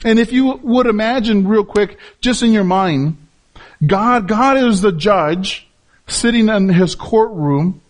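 A man's voice: sits high, slow. A man, a pastor, preaching a sermon with emphatic repetition and rhetorical questions to his listeners.

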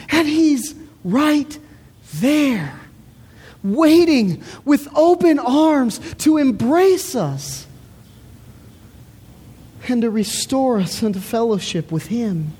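A woman's voice: high voice, expressive, takes it slowly, warm tone. A woman preaching a sermon in an earnest, emphatic way, repeating words as she builds her point. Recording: reverberant hall.

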